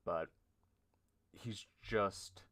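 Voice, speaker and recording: Slow, deep-voiced nervous storyteller. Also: male voice, fairly bright tone. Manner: halting, nervous, self-deprecating. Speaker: streamer, storyteller. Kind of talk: improvised storytelling on a livestream.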